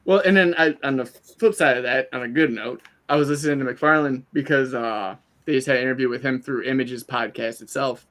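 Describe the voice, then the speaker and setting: A man of middle pitch co-hosting a casual comics talk show. He tells long, animated stories and keeps slipping into quoting other people mid-sentence. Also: fairly quick, hardly any pauses. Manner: animated storyteller, quotes people in put-on asides. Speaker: co-host. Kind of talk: casual chat.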